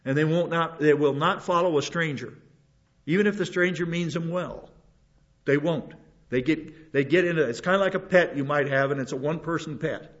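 Older male pastor, rambling sermon, fairly high voice, dull lo-fi recording. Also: normal speed. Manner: rambling, with frequent restarts and asides.

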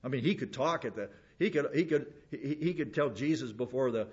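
Speaking briskly and with animation, a pastor with a mid-range, slightly rough voice teaches from a Bible passage. His casual, folksy delivery wanders into personal stories and includes restarts, captured in dull lo-fi sound.

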